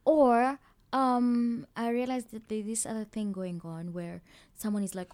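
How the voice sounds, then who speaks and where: A woman's voice: fairly high pitch, fairly even intonation, a little slow, darkish tone. A young woman with a Kenyan accent talking openly about her own experiences in a casual podcast chat. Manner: open, personal, laughs while telling stories.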